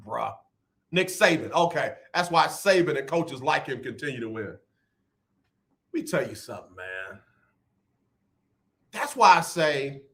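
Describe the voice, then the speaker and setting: A middle-aged man hosting a radio talk show, animated and rambling with playful drama. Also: fairly high pitch. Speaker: radio host. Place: radio studio.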